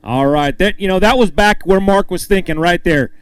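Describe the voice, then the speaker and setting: High-voiced upbeat weigh-in emcee, a man. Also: moderate pace, smooth, no echo. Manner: upbeat, hypes each angler and jokes with them. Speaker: tournament emcee. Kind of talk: live weigh-in announcing.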